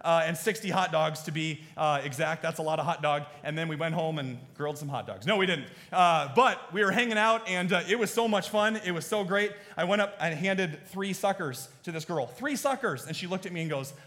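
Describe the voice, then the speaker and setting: A man preaching a sermon as pastor, moving between hushed, earnest appeals and lively storytelling. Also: on the high side, a little fast, few pauses. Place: church sanctuary. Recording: long reverb of a large church hall.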